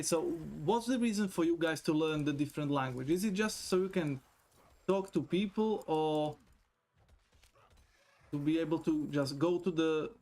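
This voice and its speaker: A man streaming live, chatting casually, reading viewers' messages aloud, rambling and swearing with frequent laughter. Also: on the high side. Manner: rambling, profane, laughs often, reads chat aloud.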